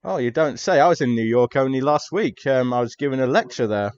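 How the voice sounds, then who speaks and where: A man's voice: medium pitch, expressive, fairly quick, a little mellow, smooth, lightly acted. Professor Cowles, a man playing a jovial academic. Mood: friendly. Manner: chatty and hospitable, trailing off and restarting. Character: jovial male Australian professor, sociable drinker. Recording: slightly dull lo-fi audio.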